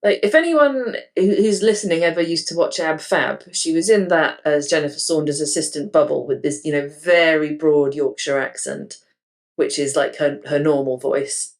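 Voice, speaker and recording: Low-voiced enthusiastic woman podcaster. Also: moderate pace. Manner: chatty and enthusiastic, with filler words and laughs. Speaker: podcast co-host. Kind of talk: casual podcast discussion.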